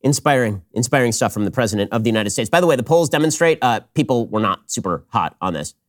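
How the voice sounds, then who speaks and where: A man hosting a political commentary show, talking in a sarcastic, mocking, rapid-fire way. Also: medium pitch, lively intonation. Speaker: host.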